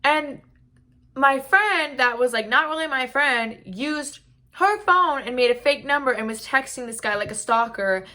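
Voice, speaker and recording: A young woman with a very bright, sharp voice telling a casual storytime. She talks in a loose, chatty way, filling her sentences with "like." She is recorded on a camera mic indoors at home. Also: high-pitched, measured pace. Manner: chatty, heavy use of "like". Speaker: vlogger.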